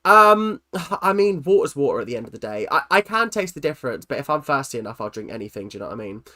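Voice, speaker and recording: A man's voice: mid-range voice, very animated, quick pace, sharp tone. A young man hosting a livestream, reading out chat comments and answering with teasing, self-mocking jokes and lots of ums. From London. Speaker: livestream host.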